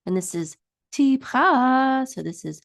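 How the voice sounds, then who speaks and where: A woman teaching a one-on-one Hebrew reading lesson, patiently singing each word out slowly for her student to repeat. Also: on the low side, gravelly, no room sound, clean studio sound.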